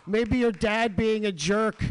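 A man's voice: high voice, slow, smooth. A man hosting a radio show, ranting with crude, sarcastic comedy in a studio.

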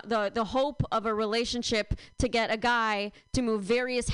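A woman's voice: mid-range voice, clean tone, dry recording. A young woman in her twenties doing a rambling stand-up set, full of fillers and self-deprecating asides. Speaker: stand-up comedian.

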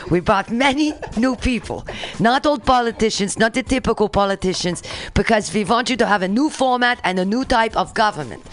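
A woman's voice: on the high side, animated, brisk, pitched above the performer's own voice, natural voice. A woman doing a mocking impression of a boastful male president, reading his lines from a call transcript with faint music behind. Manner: exaggerated mock reading of a transcript.

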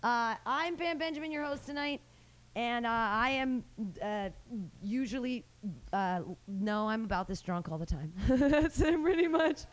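A woman's voice: fairly high pitch, measured pace, fairly bright tone. A young woman hosting a small live comedy show and performing a stand-up set in a brash, rambling, self-mocking way, full of fillers and restarts. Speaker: comedy host and stand-up comic.

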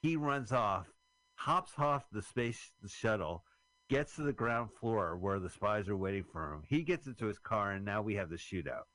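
A man's voice: on the low side, animated, moderate pace, a bit bright, dry recording, rough recording. A man hosting, trading sarcastic jokes while commenting on a movie. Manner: sarcastic, joking. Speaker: host riffing on a movie.

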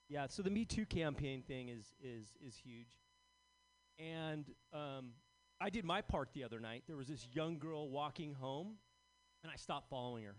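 A man in his forties doing a deadpan, self-deprecating stand-up set on a club stage. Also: a little high, normal speed. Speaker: stand-up comedian.

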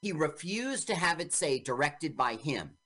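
A woman's voice: sits low, very animated, measured pace, fairly bright tone. A woman co-hosting a radio show, chatting casually about an old film and acting out quoted lines as she retells the story. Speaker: radio co-host.

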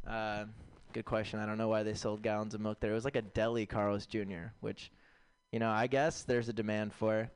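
A man doing an open-mic stand-up set of deadpan one-liners with rambling asides, on a comedy stage with a handheld mic. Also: lowish voice, moderate pace, hardly any pauses, smooth, no echo. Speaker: stand-up comic.

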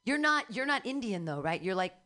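A woman's voice: mid-range voice, very animated, a little fast, bright, forceful tone. A woman hosting a comedy show, chatting casually and rambling, laughing often. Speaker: host. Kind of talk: casual chat.

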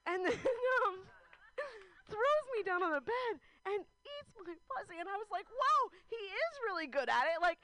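Bright, high-voiced woman comic. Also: very animated, moderate pace, no room sound. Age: 30s. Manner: candid, rambling storytelling with laughter. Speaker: stand-up comedian. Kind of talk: stand-up comedy set.

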